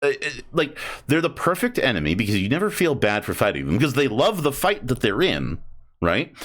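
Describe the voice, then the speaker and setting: A man chatting casually on a livestream, rambling in an animated way and jumping into high silly voices. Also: fairly quick. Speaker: streamer building model kits.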